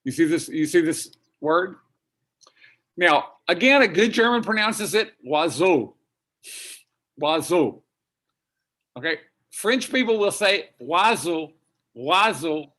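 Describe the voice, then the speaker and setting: A man's voice: sits high, animated, unhurried, pushed and bright. A man coaching a young singer in a virtual master class, demonstrating phrases and encouraging her as he talks. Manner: encouraging, demonstrative, sings and speaks example phrases. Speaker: vocal coach and pianist. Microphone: video call.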